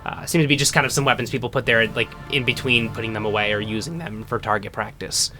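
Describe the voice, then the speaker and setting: A man's voice: mid-range voice, fairly even intonation, quick pace, sharp tone, soft background music. A man narrating a tabletop game as game master, rambling with lots of fillers. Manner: rambling, many fillers and hedges.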